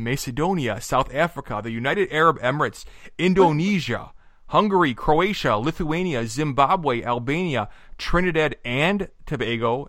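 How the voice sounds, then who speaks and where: A man's voice: medium pitch, fairly bright tone, no room sound. A man co-hosting a podcast in casual, jokey banter, rattling off lists with playful humor. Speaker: podcast co-host. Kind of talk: casual chat.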